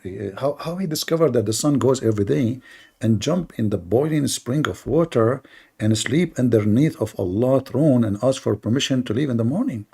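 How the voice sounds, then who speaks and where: A man hosting a live online debate, with a gravelly, husky voice. He talks in a mocking, sarcastic way, and his tone is dark and mellow. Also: mid-range voice, expressive, normal speed. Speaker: host of a live debate stream.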